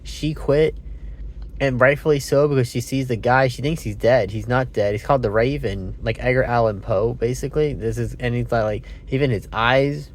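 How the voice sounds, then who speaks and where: A man's voice: medium pitch, fairly even intonation, normal speed, slight background noise. A man giving a casual, rambling movie review, meandering with fillers and self-corrections, sounding sleepy. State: sleepy, yawning.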